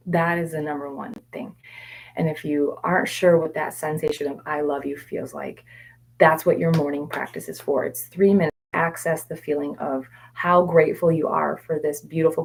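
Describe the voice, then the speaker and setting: A woman with a low voice and a gravelly, fry-laden edge answers viewer questions as a mindset coach. She talks candidly and meanders through fillers and restarts, and sometimes drops her voice to soft, near-whispered repetitions. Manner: candid, meandering, frequent fillers and self-corrections. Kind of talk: live Q&A session.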